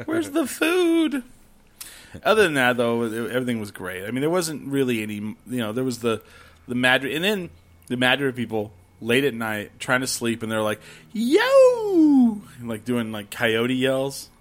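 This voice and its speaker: A man's voice: mid-range voice, a little fast, fairly bright tone. Rambling man telling camping stories. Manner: rambling storyteller, swears, acts out rowdy campers. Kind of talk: casual chat.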